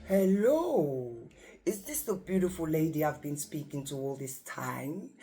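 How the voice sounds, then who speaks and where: A woman doing a deep-voiced old gentleman actor. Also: lively intonation, unhurried. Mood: admiring. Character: elderly male film actor, courteous and admiring.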